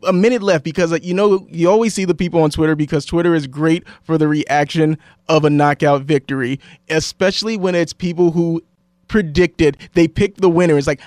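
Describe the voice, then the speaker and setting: Higher-voiced male radio host. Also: brisk, darkish tone, dry recording, studio quality. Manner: conversational, long lead-in questions. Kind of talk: interviewing a guest.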